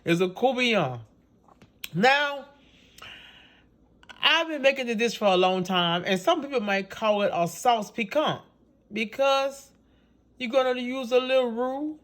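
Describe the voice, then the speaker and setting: A middle-aged Louisiana man with a Cajun accent hosts his own cooking video in a chatty, lively way. His voice sits high for a man. He laughs easily and talks in folksy home dialect. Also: unhurried, long pauses. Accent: Louisiana Cajun English. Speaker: cooking show host. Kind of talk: casual cooking video chat.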